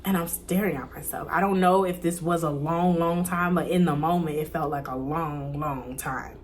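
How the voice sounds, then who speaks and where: Earnest lower-voiced young woman testifying. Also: fairly even intonation, normal speed, slight background noise. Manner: earnest, repetitive, emphatic storytelling; drops to soft near-whispers when reliving prayers. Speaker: vlogger. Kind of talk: personal faith testimony.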